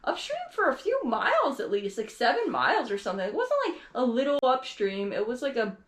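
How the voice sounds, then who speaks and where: A woman's voice: on the high side, very animated, a little fast, echoey room. A woman co-hosting a casual chat, jumping in with her own comments on a shared trip story. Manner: chatty, jumps in, adds comments. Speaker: podcast co-host.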